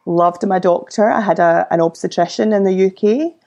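A woman's voice: medium pitch, normal speed, mellow, lo-fi sound. A Scottish woman in her thirties, chatting as a podcast guest and acting out the voices of people in her stories. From Scotland. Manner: chatty storyteller who acts out quoted voices. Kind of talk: casual interview chat.

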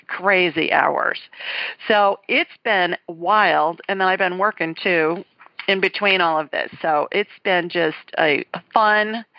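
A woman's voice: low voice, no room sound. A middle-aged woman, hosting a call-in show and chatting enthusiastically about her week. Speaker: host. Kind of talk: casual chat. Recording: dull lo-fi sound.

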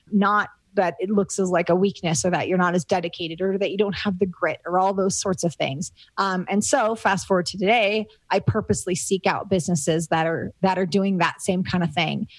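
A woman's voice: on the low side, dry recording. A middle-aged woman from the United States, a business coach being interviewed, talking candidly and reflectively with many fillers and restarts. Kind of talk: casual interview conversation.

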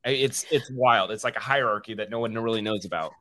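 A man's voice: fairly low pitch, quick pace, bright, forceful tone, no room sound. Man, podcast host, casual chat, emphatic, dry close sound.

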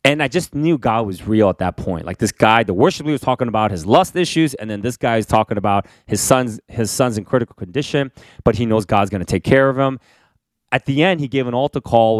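A man in his forties, born in Korea, co-hosting a podcast and telling a lively personal story with laughter. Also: on the low side, quick pace, dry recording, clean studio sound. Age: 40s. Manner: animated, laughing, acts out voices. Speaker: podcast co-host. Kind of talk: casual storytelling chat.

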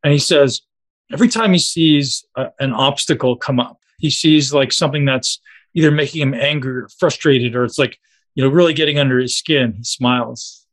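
A man's voice: medium pitch, normal speed. A man coaching a group on a call, talking casually and directly to his listeners.

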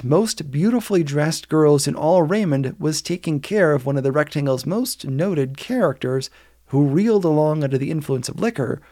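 A man reading a novel aloud in steady, measured narration, lifting his voice for the characters' lines. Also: fairly high pitch, no echo, studio quality. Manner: steady, measured storytelling, lifting the voice for quoted speech. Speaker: audiobook reader. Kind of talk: scripted narration.

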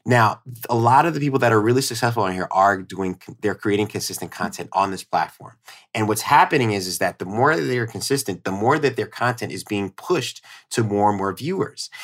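A man's voice: fairly low pitch, a bit bright. A man with a New York accent, a podcast guest talking casually about content strategy, rambling with many fillers and restarts. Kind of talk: casual chat.

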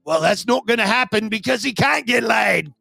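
A man's voice: high-pitched, lively intonation, normal speed, creaky, pushed and bright, dry recording. A man co-hosting a podcast, trading crude teasing jokes in casual banter. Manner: teasing, joking, puts on a mock Australian accent at times. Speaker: podcast co-host.

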